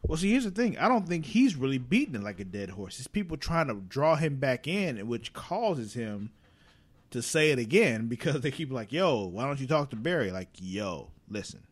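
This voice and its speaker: A man's voice: medium pitch, moderate pace. A man in casual chat about a TV episode, swearing freely and acting out the characters' lines in quotes. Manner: profane, animated, acts out characters' lines in quotes.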